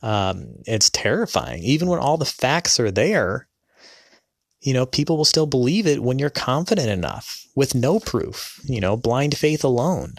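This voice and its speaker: A man's voice: medium pitch, very animated, measured pace, vocal fry, no room sound, studio quality. A man in his thirties telling a personal story to his audience, rambling, with many fillers and restarts. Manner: rambling, full of fillers and self-corrections.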